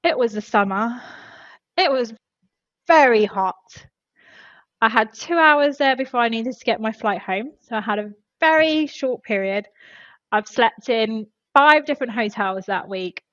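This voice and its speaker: A woman's voice: on the high side, animated, unhurried, a bit bright, no echo, dull audio. A woman, a podcast guest and former HR specialist, telling an earnest and emotional story in casual conversation.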